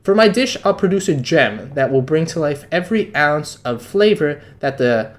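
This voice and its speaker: A man's voice: a little high, very animated, moderate pace. A man reading the lines of a cocky, arrogant young male chef from a manga, in a boastful, lofty tone.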